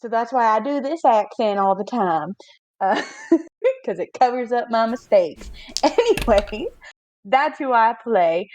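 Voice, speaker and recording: A woman's voice: on the high side, expressive, a little slow, a little mellow. A woman introducing her character in casual chat, chatty and giggly, on an online call. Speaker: player.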